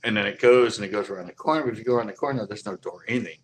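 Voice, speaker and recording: A man's voice: lowish voice, very fast, slight background noise. A man telling a long casual anecdote, rambling with many fillers and chuckling as he goes. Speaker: storyteller.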